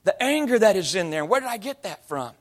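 A man's voice: high-pitched, big pitch swings, brisk. A middle-aged man preaching a sermon, telling stories with acted-out quotes and sound effects. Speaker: pastor. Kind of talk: sermon with storytelling.

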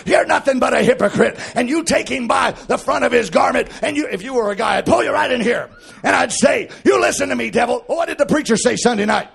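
A man preaching a fervent sermon in church, calling out to the congregation and shouting with rising intensity. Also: extremely high pitch, vocal fry, breathy edge.

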